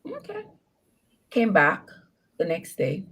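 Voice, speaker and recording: Animated woman telling a story. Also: on the low side, slow pace, slightly rough. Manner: animated, laughing storyteller who acts out quotes. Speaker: caller. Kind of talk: call-in storytelling.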